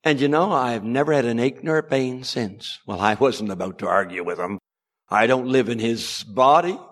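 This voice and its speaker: A man preaching an evangelistic sermon, switching between loud emphatic lines and low, quiet asides, and spelling words out slowly for emphasis.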